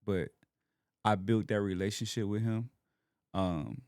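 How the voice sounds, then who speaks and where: A man's voice: on the low side, unhurried, a little mellow, clear, resonant tone, no echo, studio quality. A young man from Alabama, talking as a podcast guest in an earnest, emotional way about his faith and family. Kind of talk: casual heartfelt conversation.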